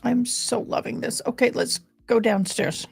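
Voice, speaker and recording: A woman with a fairly high voice hosts a casual live stream, chatting away about a game. She gushes affectionately over little details. Soft music plays faintly behind her. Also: steady tone, a little slow, gravelly, breathy edge. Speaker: live streamer hosting a fundraiser.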